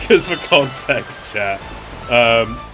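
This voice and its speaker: A man's voice: medium pitch, very animated, drawn-out words, music in the background. A young man streaming, chatting casually with lots of fillers and restarts. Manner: rambling, with fillers and laughs.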